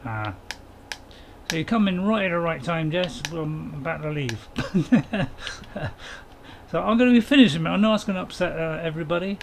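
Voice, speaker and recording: A man's voice: on the high side, lively intonation, normal speed, gravelly, a little hiss or hum, poor audio. Jokey man streaming a game. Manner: chatty, jokey, chuckling, reading chat aloud. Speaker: gameplay streamer. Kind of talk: casual live-stream commentary.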